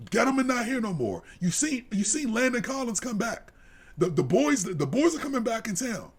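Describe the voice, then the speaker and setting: A man co-hosting a live sports podcast, delivering a heated, profane rant that drops to low mutters and climbs to shouts. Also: sing-song, a little fast, slightly rough. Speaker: podcast co-host.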